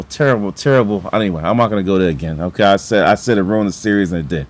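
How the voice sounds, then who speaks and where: A man chatting casually about basketball as a vlogger, animated and excitable, with lots of fillers and repeated words. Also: on the low side. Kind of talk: casual sports talk.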